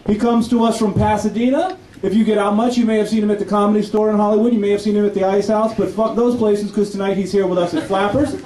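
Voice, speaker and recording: High-voiced club emcee. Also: male voice, fairly even intonation, warm tone, slight background noise. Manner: hyping, drawn-out announcement. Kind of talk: introducing a comic. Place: comedy club stage. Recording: echoey club.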